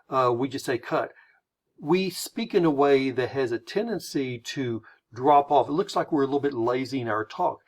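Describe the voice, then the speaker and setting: A man from the United States presenting a slide lecture in a conversational way, often restarting and adding asides. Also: mid-range voice.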